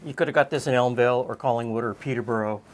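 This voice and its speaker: A man's voice: medium pitch, very fast, a loud crowd. A man hosting a home cooking show, talking casually and chattily as he cooks, with frequent ums. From Canada.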